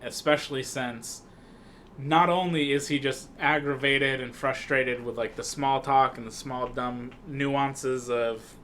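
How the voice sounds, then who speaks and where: A man's voice: mid-range voice, a little slow, a little hiss or hum. A man co-hosting a podcast, casually recapping a film scene by scene in a rambling way with lots of fillers. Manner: rambling, relaxed, many fillers and restarts. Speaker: podcast co-host.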